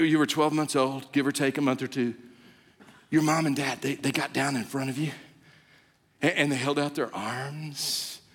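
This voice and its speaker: A man preaching a sermon as pastor, telling stories with animated, playful delivery and acting out a baby's voice. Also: medium pitch, slightly rough, in a large hall. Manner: animated storytelling, acts out a baby's voice.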